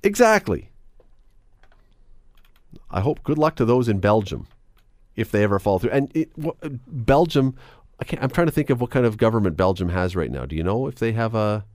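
A man hosts a talk radio discussion in a fairly low voice. He talks in a chatty, animated way, full of quick asides. The studio sound is close and dry. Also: no room sound. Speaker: radio show host. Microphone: studio microphone.

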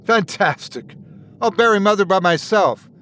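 A man playing a disgusted young man snapping at his father, sharp and high. His lines come out bitter and sarcastic in a storybook reading. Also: lively intonation, moderate pace, slight background noise. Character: angry grown son, disgusted and bitter.

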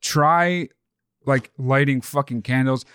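A man's voice: medium pitch, takes it slowly, fairly bright tone, clean tone, dry recording, studio quality. A man co-hosting a podcast, giving blunt, profane advice in casual banter. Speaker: podcast co-host.

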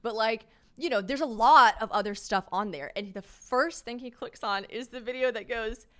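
A young woman hosting a podcast, telling a story in a casual, animated way, full of "like" fillers, self-mocking asides and acted-out dialogue. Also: on the high side, moderate pace. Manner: chatty and animated, lots of "like" fillers, acts out quoted dialogue. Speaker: podcast host.

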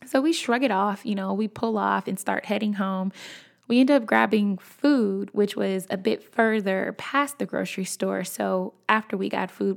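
Gravelly-voiced woman telling a story. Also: mid-range voice. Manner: animated, conversational, addresses listeners as y'all. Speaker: podcast host. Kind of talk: casual storytelling.

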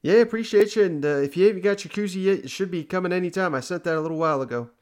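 A man's voice: high-pitched, racing, darkish tone. A man hosting a casual podcast, laid-back and thanking listeners. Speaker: podcast host.

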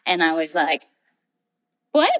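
A woman's voice: mid-range voice, lively intonation, normal speed, in a large hall. A woman guest casually telling a story about herself, laughing often as she talks.

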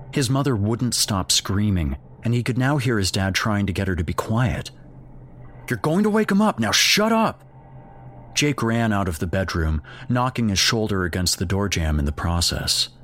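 A man with a very deep, low voice narrates a dark horror story. His delivery is measured and grave, shaped as scripted storytelling. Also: slight background noise.

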